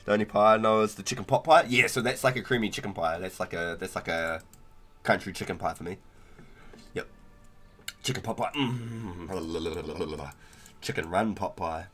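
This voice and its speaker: Deep-voiced laid-back Kiwi gamer guy. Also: a bit bright. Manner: laid-back, slangy, rambling with frequent "bro" and "like". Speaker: livestreamer. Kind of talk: casual gaming stream chat.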